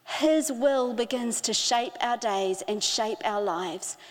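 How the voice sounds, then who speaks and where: A middle-aged woman preaching a sermon, earnest, slowing down to stress key phrases. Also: on the high side. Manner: earnest, with slow emphatic phrasing. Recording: hall with long reverb.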